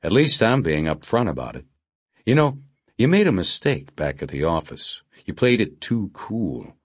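A dogged, sardonic police detective, played by a man with a deep voice. He presses hard in a dry, clipped way. The sound is close and dead-dry. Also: sing-song, normal speed, husky, dry recording, full character voice. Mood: pressing.

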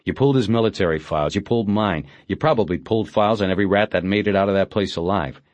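A dogged, sardonic police detective, played by a man with a deep voice. He presses hard in a dry, clipped way. The sound is close and dead-dry. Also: fast, dry recording, lightly acted. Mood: pressing.

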